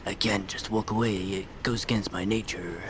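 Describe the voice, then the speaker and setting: A man's voice: lowish voice, fairly even intonation, normal speed, background noise. A man commenting casually on a video game he is playing, with sarcastic, irreverent asides. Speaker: let's play commentator.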